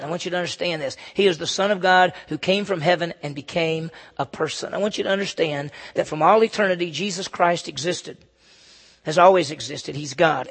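A male pastor preaching an expository sermon to his congregation, emphatic and repeating key phrases. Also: high voice. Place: church with a congregation.

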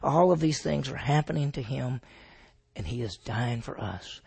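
Gravelly, husky male Bible teacher. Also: mid-range voice, expressive, normal speed, a little mellow. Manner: asks the audience questions and answers them.

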